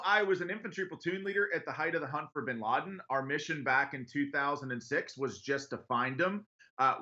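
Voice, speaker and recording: A man in his thirties from western Pennsylvania, a congressional candidate telling his story in an earnest, brisk radio interview. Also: mid-range voice, bright, forceful tone, muffled recording. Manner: earnest, brisk, laughs easily while telling stories.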